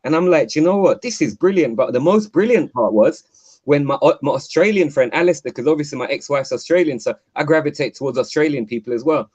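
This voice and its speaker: A man's voice: fairly high pitch, lively intonation, a little fast, darkish tone, slightly rough. A man, calling in to a live show, telling rambling stories with lots of fillers and restarts. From London. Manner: chatty, rambling storyteller with many fillers and restarts. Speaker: caller. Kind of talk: casual chat. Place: home, call-in to live show. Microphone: video call.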